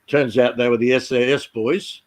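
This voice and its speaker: A man in casual chat telling army stories in a halting way, with many restarts. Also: mid-range voice, fairly even intonation. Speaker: chat participant.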